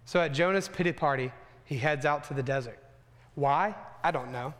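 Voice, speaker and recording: A young man preaching a sermon in a relaxed, conversational way, with casual asides to the congregation. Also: fairly high pitch, moderate pace, in a large hall.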